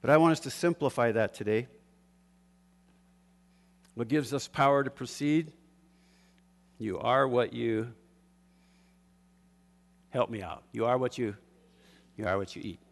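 An older man preaching a sermon, calling out questions for the congregation to finish and chuckling between points. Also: medium pitch. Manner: call-and-response, asks the congregation to fill in words; chuckles often, shifts from loud to hushed. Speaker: pastor. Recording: long hall reverb.

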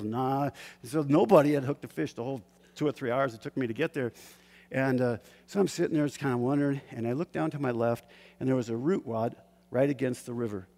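A man telling a personal fishing story in a lively, animated way, acting out shouts and gasps. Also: mid-range voice, gravelly. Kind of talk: casual spoken story. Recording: hall with long reverb.

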